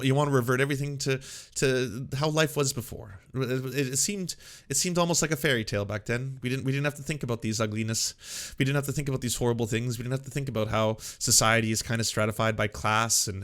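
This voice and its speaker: A young man hosting a political commentary show, animated and sarcastic, slipping into mocking voices of the people he quotes. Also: medium pitch. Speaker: host.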